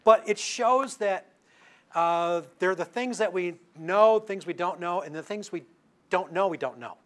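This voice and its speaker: Older male lecturer, slightly high voice, anecdotal, talky, lots of asides. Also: a bit bright. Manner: storytelling with asides and restarts. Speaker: lecturing astronomer. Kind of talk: public science talk.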